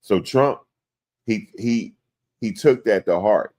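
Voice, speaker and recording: This commentary host, whose voice runs on the low side, speaks slowly as he breaks down a court case for viewers in a casual live stream. His delivery is slangy and animated, with quotes acted out in exaggerated voices.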